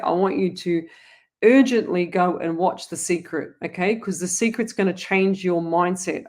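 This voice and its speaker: A woman's voice: on the low side, a little mellow. Earnest, insistent woman. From Australia. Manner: earnest, urgent advice with repeated insistence; addresses viewers as lovey and guys. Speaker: psychic medium host. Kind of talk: live online Q&A.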